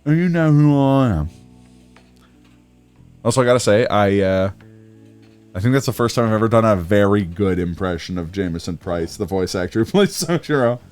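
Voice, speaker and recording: Male streamer, lowish voice, loose rambling banter with laughs, faint music underneath. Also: animated, brisk, a little mellow. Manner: rambling, laughing often, filler-heavy. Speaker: streamer and co-host. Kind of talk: casual let's-play chat.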